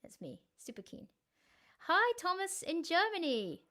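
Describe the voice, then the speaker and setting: A woman's voice: very high-pitched, wildly swooping pitch, a little slow, bright, forceful tone. A woman, a singer-songwriter chatting casually to viewers on her live stream, giggly and easily sidetracked.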